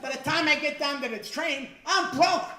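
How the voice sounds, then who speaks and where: Older new stand-up guy, shouts the punchlines, distant mic in a roomy club. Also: very high-pitched, normal speed, slight background noise. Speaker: stand-up comedian. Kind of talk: stand-up routine. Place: club stage before a live audience. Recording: echoey room, far from the mic.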